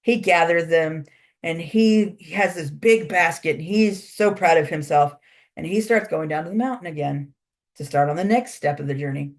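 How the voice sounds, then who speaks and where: A woman's voice: sits low, moderate pace. A woman instructor telling a traditional story in a casual, chatty lecture.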